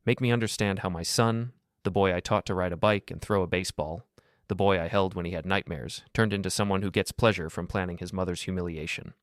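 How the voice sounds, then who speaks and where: A man's voice: low-pitched, fairly even intonation, brisk, few pauses, no echo, clean studio sound, lightly acted. A man voicing a furious, betrayed middle-aged father who makes cold, cutting accusations. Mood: accusing.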